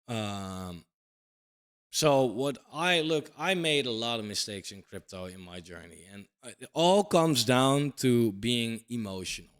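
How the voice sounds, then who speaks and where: His voice mid-range and clean, with lively intonation and a slightly slow pace, a man in his thirties gives a casual crypto monologue. He's blunt and emphatic, swears casually, and caps points with "right?".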